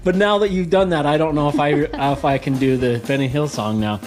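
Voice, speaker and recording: A man hosting a casual podcast, talking with eager enthusiasm and rambling through his thoughts. His voice sits a little high. Faint music plays beneath him. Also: brisk, darkish tone. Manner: enthusiastic, rambling with fillers and laughs. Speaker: podcast host. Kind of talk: casual podcast intro and chat.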